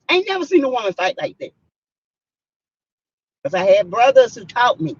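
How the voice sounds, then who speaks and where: Animated Southern woman live-streaming. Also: on the high side, moderate pace, long pauses, dry recording, muffled recording. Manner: emphatic, animated storytelling with loud bursts. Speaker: vlogger reading live chat. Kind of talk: casual live-stream chat.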